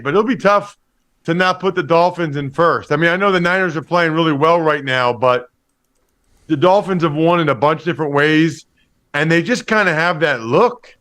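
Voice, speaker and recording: A former football player and analyst on a radio show, talking in a lively, teasing, joking way. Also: male voice, fairly high pitch. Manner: lively, teasing, quick to joke. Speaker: football podcast host and analyst, guest. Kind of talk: casual radio interview banter.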